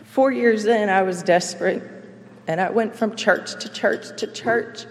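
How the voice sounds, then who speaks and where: A woman giving a personal faith testimony, earnest and emotional, speaking in halting phrases with pauses. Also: medium pitch. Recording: long reverb, as in a large hall.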